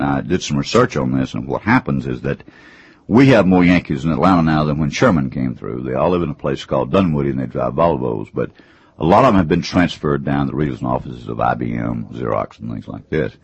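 A man's voice: rumbling low, creaky, breathy edge, dry recording, highs cut off. A man from Georgia with a Southern accent, telling folksy joking stories as an interview guest. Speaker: columnist and speaker. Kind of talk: storytelling interview talk.

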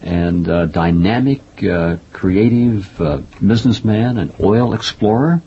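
A man hosting an interview, talking in a halting, chatty way with many pauses and fillers. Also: fairly low pitch, mellow, slight background noise. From Oklahoma family roots. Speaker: interview host. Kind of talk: radio interview conversation. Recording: dull lo-fi audio.

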